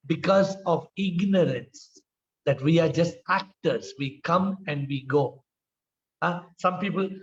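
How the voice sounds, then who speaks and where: Older Indian man telling spiritual stories. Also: on the high side. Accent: Indian English. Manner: storytelling, acts out quoted voices, frequent "huh?". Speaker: spiritual teacher. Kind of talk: informal spiritual talk on a video call. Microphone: video call. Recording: slightly dull video call audio.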